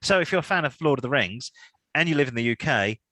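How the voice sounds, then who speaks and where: Jokey rambling British podcast host. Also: male voice, medium pitch, expressive, fast, bright, forceful tone, no room sound. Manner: jokey, rambling, laughs mid-sentence. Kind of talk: casual banter podcast.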